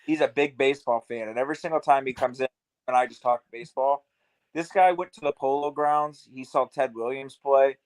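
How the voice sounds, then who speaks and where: A man's voice: mid-range voice, fairly even intonation, fairly quick, dry recording, poor audio. A male podcast co-host in casual sports chat, with a mid-range voice. He talks in a loose, chatty way, scattering "like" through his sentences. He chats through a ballgame with friends. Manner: loose and chatty, lots of "like" fillers.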